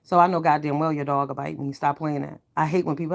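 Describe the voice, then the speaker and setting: A woman ranting to her viewers in a blunt, profane, heated way, swinging from low mutters to loud outbursts. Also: quick pace, gravelly, hardly any pauses. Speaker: online commentator. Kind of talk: ranting commentary vlog.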